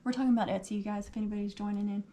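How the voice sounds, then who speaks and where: A woman hosting a casual craft livestream, her voice a little hoarse, chatting and answering viewer comments as she works. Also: mid-range voice, steady tone, rapid-fire, dark tone, slight background noise. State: losing her voice.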